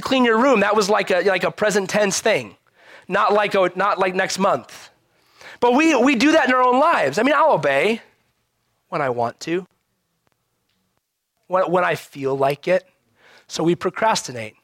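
A pastor with a high-pitched male voice, preaching a lively, conversational sermon that keeps turning to the listeners with quick rhetorical questions. The sound is dry and close, with no room echo. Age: adult parent.

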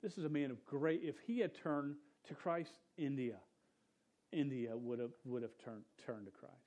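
This young adult pastor delivers a laid-back sermon at a moderate pace and medium pitch. He talks loosely, leaning on "dude" and "man," and lets his points trail off softly.

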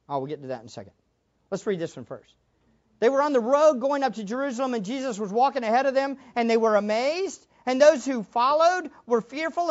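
A woman teaching a Bible lesson as a sermon, emphatic and animated, acting out the quotes she reads. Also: high voice, lo-fi sound.

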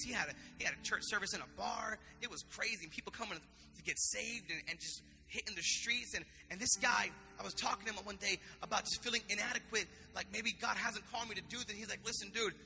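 A man's voice: high-pitched, gravelly, bright, forceful tone, in a large hall, slight background noise. A man preaching a sermon in an impassioned, conversational way, often repeating himself. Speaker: pastor.

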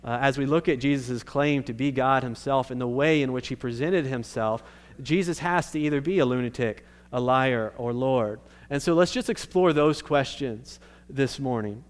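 A man's voice: medium pitch, normal speed. Earnest man preaching a sermon. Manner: earnest, emphatic, with frequent restarts. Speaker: pastor.

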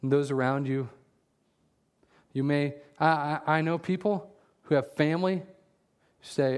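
A man preaching a casual sermon as a pastor, telling jokey stories with loud animated bursts and reading scripture slowly aloud. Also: on the high side, clean tone.

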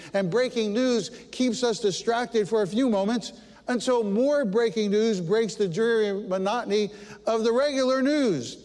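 A middle-aged male pastor delivers a sermon with a higher voice than most men, telling stories with lively, self-mocking humor. His voice rings out with a long reverb, as in a large church sanctuary. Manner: storytelling, animated, self-deprecating humor.

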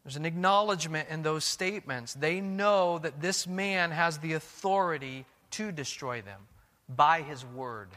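A man's voice: on the high side, unhurried, sharp tone, in a large hall. A man preaching a sermon as pastor, earnest and questioning, often restarting his words.

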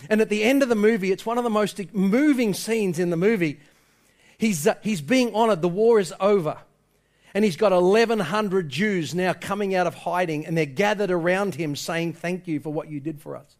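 High-voiced man preaching with passion. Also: moderate pace, a little mellow. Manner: impassioned storytelling, quoting people in his tale. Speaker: pastor. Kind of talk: sermon.

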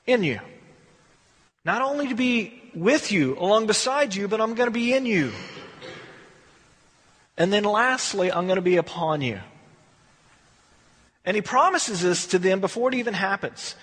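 A man leads a Bible study in a high, husky voice, chatty and folksy as he acts out the scriptures. His words bounce around a large hall with a long reverb tail. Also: normal speed. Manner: folksy, animated, acts out quotes. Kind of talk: verse-by-verse Bible teaching, conversational.

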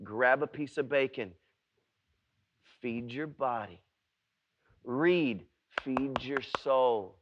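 A male pastor preaching a sermon, emphatic and repetitive, swinging between hushed and loud passages. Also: mid-range voice, very slow, pauses often, lo-fi sound, noisy background.

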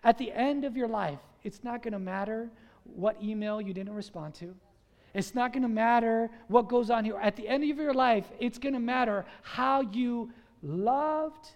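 A man preaching a sermon as pastor, lively and drawing call-and-response from the congregation, acting out little scenes. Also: extremely high pitch, a little slow, highs cut off. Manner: acts out scenes in quoted voices.

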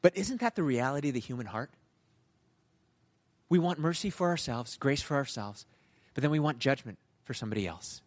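A male pastor preaching a sermon in a conversational, animated storytelling manner. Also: medium pitch, a little fast, long pauses.

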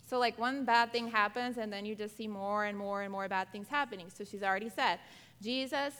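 Woman teacher, animated Bible class, questions the kids, lingering room echo. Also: mid-range voice, brisk, clear, resonant tone. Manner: asks the class many questions; animated, acts out quotes. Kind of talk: Bible lesson to girls.

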